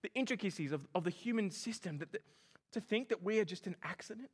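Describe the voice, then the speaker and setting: A man preaching a sermon, animated and joking as he makes his points. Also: high voice. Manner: animated and joking, with lively emphasis. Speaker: pastor.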